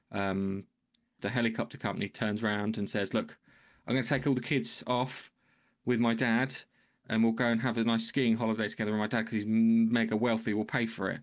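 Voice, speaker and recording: A man co-hosting a podcast, retelling a film plot in a loose, rambling way, hunting for words and swearing casually. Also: on the low side. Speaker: podcast co-host. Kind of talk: casual film review chat.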